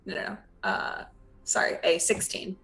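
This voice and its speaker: A woman's voice: moderate pace, pushed and bright, soft background music. A woman playing in a tabletop game, chatting casually and laughing easily. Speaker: player.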